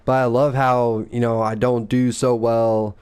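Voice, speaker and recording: A man's voice: mid-range voice, level tone, takes it slowly, darkish tone, smooth. A man and father, co-hosting a casual gaming chat, rambling and profane, acting out the lines people said. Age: adult father. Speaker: gaming podcast co-host.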